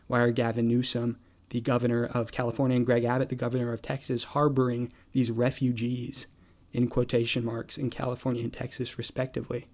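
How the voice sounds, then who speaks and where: A man delivering scripted political commentary in a measured, wry way, posing rhetorical questions one after another. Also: mid-range voice, completely flat delivery, a little mellow.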